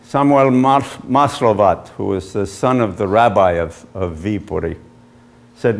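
A man, an author, giving an illustrated history lecture with measured storytelling and frequent pauses as he points to slides. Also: fairly low pitch, gravelly. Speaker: author giving a book talk.

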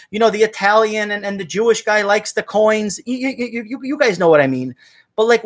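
A man's voice: high-pitched, a bit bright. A man hosting a live trivia stream, chatting casually with viewers and reading their names from chat. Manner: chatty, reads chat names aloud, rambles into opinions. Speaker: trivia livestream host.

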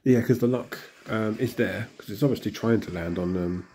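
Hoarse man chatting through game pulls. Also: fairly low pitch, normal speed, warm tone. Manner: chatty, mutters reactions to himself. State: hoarse from illness. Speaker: gaming channel host. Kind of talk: casual commentary while opening in-game crystals.

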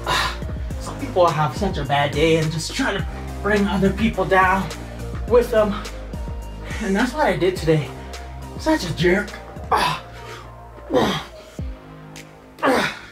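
A woman vlogging casually about her workout and cooking, chatty and playful, counting reps out loud. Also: medium pitch, animated, takes it slowly, pauses often. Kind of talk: casual workout vlog chat. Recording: echoey room with music playing.

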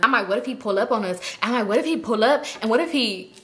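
A woman's voice: fairly high pitch, very fast. A young woman telling a storytime to her channel in a casual, slangy monologue, swearing freely and acting out what she said. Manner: animated, slangy, swears freely, acts out her own lines.

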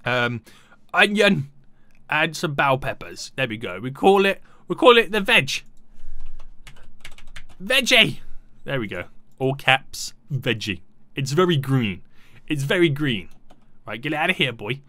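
A man's voice: mid-range voice, big pitch swings, unhurried, long pauses, bright, forceful tone, dry recording. A young man giving playful, chatty commentary on his gameplay and talking to the game's customers. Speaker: gaming YouTuber.

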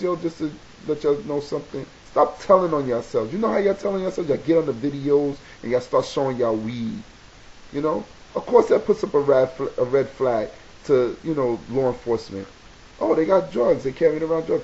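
A man with a New York accent giving a casual advice talk to camera, animated and preachy, repeating key points for emphasis. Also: medium pitch. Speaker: video blogger. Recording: dull lo-fi webcam audio with faint hiss.

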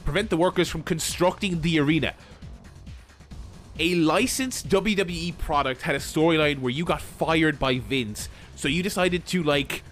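Excitable swearing gaming host. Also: male voice, on the high side. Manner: excitable, swearing, laughing often. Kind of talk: let's-play commentary.

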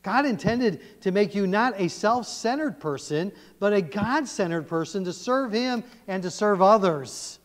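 A male pastor preaching a sermon in a church, animated and emphatic, often quizzing his congregation. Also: high voice, measured pace, hardly any pauses. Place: church sanctuary. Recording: long church reverb.

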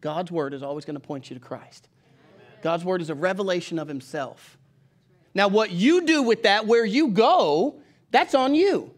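A middle-aged pastor with a Southern country accent delivers a sermon in a fairly high voice with lively intonation at a moderate pace. His style is folksy and conversational, and he often asks the congregation to follow along in their Bibles.

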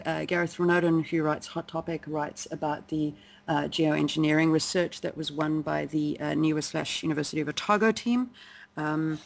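A woman co-hosting a casual science podcast, chatty and quick to laugh, with frequent ums and restarts. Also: lowish voice, creaky. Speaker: podcast co-host.

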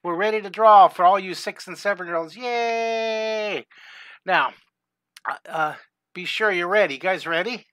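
A man's voice: high voice, steady tone, fast, few pauses, a bit bright, no echo. A middle-aged man hosting a live online drawing lesson for young kids, upbeat and encouraging, greeting viewers by name as he draws. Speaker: art teacher hosting a live drawing class.

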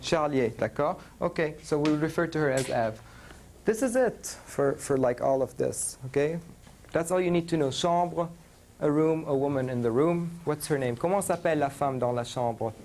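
A man's voice: a little high, moderate pace, a little mellow, a little hiss or hum. A man teaching a university French class, mixing English and French and checking in with his students.

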